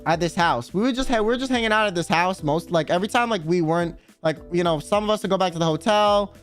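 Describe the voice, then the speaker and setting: A young man streaming, casually telling a story with lots of fillers, swearing and animated quoted lines. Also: sits high, faint music behind. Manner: animated, swearing, quick filler-heavy retelling with acted quotes.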